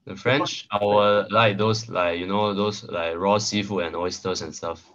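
A man's voice: lowish voice, fairly even intonation, measured pace, fairly bright tone, lo-fi sound. A young male student answering in class, hesitant and full of fillers. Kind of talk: classroom discussion.

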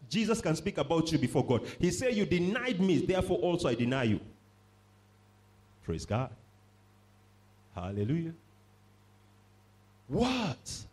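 A male preacher delivering a sermon in a fairly high voice that rises and falls widely. He drives his points home through repetition and draws the congregation in to respond. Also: big pitch swings, normal speed, long pauses. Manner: emphatic, repeats phrases for stress and calls on the congregation.

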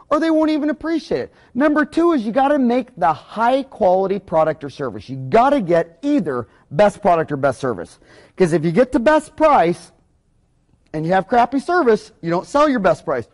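A man's voice: sits high, big pitch swings, normal speed. A man, a dentist, giving a rambling, blunt and folksy business lecture full of anecdotes.

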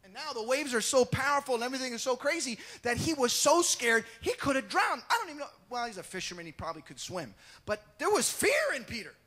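An animated man preaching a sermon in a high voice. His voice is bright, with wide swings in pitch. He acts out the Bible scenes and jokes with his congregation. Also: fast talker, hardly any pauses. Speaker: pastor.

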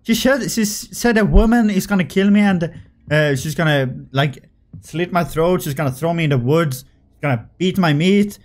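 A young man giving casual, jokey commentary while playing a horror game, excitable and swearing freely. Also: a little high, moderate pace. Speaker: gaming video creator. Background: faint game music.

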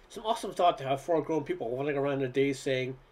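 A man reading a humorous essay aloud in a wry, unhurried storytelling manner. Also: mid-range voice, darkish tone. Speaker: reader.

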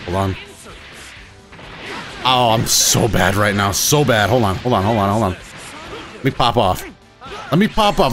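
A man giving live commentary on his own fighting-game matches, excitable, swinging between muttering and shouting, his throat a bit rough. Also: a little high. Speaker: gaming YouTuber.

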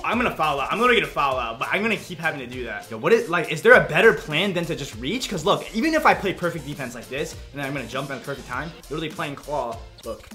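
Excitable young man calling his own gameplay. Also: fairly high pitch, quick pace, soft background music. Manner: excitable, reacts loudly to plays, frequent "yo" and "literally". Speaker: gaming YouTuber. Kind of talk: live gameplay commentary.

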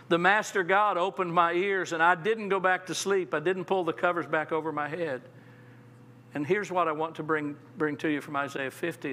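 A man's voice: a little high, pushed and bright. A man preaching a sermon as pastor, often repeating words as he restarts sentences and acting out the quotes he reads. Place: church sanctuary.

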